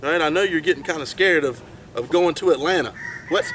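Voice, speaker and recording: A man's voice: a little high, lively intonation, brisk, a bit bright, a little hiss or hum, low-quality recording. A young man, teasing and mock-scolding as he trash-talks a rival team. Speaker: college football fan. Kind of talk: comedic trash talk.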